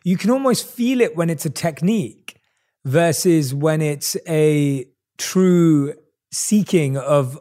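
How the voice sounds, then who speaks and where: A man's voice: a little high, darkish tone. A man hosting an interview, affirming his guest's answers and asking reflective questions. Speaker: podcast host. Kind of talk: conversational interview.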